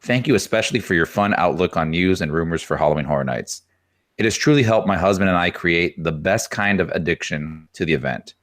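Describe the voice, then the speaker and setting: A man's voice: deep voice, brisk, a bit bright. A man co-hosting a podcast, reading out listener messages and laughing between them. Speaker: podcast co-host.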